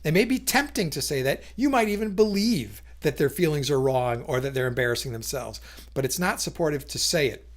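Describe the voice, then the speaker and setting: A man's voice: fairly high pitch, animated, a little fast. A man explaining communication in a casual talk to camera, thoughtful, with frequent fillers and restarts, briefly acting out quoted lines.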